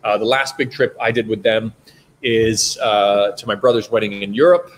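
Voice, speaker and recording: A man's voice: lowish voice, moderate pace, a little hiss or hum. A man with a Canadian accent hosting a casual live stream chat, rambling with plenty of fillers and restarts. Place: home in China.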